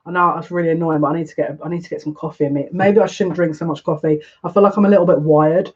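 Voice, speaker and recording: A psychic reads tarot live for viewers in an excitable, breathless rush. Sentences keep breaking off and restarting. The stream audio is dull and lo-fi. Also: mid-range voice, fast talker, background noise.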